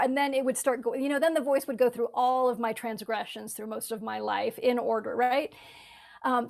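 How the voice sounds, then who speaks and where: Woman, spiritual teacher, fairly high voice, earnest, reflective talk with frequent restarts. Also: gravelly. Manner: earnest, speaks in halting restarts, acts out inner voices.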